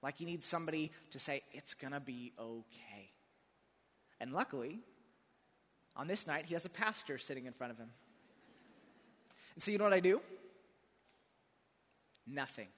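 A man's voice: on the high side, expressive, normal speed, pauses often, a bit bright. Man preaching in a reverberant hall. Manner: conversational storytelling, dry humor. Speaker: pastor. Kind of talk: sermon with personal story. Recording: long reverb of a large hall.

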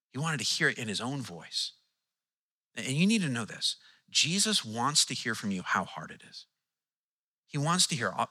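Animated, husky-voiced male pastor. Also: medium pitch. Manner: animated, acts out quotes with shifting tone. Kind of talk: sermon.

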